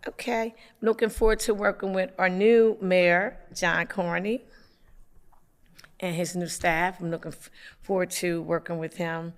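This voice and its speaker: A councilwoman from hosting a local community TV show, with the hiccups, making announcements in a halting way with many fillers. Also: lowish voice, fairly even intonation. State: has the hiccups.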